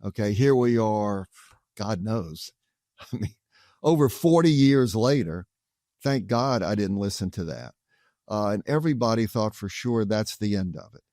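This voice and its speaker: A man's voice: lowish voice, animated, a little slow, mellow, no room sound, clean studio sound. An older man answering interview questions as a guest attorney, telling long anecdotes in a reassuring, folksy way. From Louisiana, USA. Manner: reassuring, story-driven, folksy.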